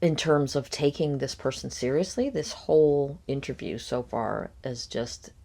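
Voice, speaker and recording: A woman hosting a reaction commentary, picking apart a podcast clip in a critical, speculative way with frequent ums and pauses. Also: a bass voice, lively intonation, gravelly, dark tone. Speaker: commentary host.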